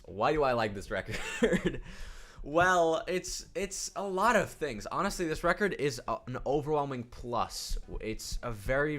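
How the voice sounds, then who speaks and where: A man's voice: lowish voice, a bit bright. Rambling young man reviewing albums. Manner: rambling, swears, frequent restarts and fillers. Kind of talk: casual music review vlog. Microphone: desk microphone.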